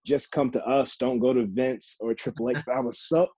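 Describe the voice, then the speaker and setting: A man's voice: medium pitch, moderate pace, husky, dry recording. A man hosting a casual chat, telling stories with lots of fillers and acted-out quotes. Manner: animated storyteller, fillers, acts out quotes. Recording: dull dry lo-fi sound.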